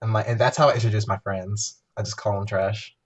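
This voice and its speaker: A man's voice: lowish voice, steady tone, brisk, muffled recording, background noise. A man co-hosting a podcast, chatting casually and telling rambling stories with lots of restarts. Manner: rambling storyteller with many restarts. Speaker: podcast co-host. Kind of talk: casual chat.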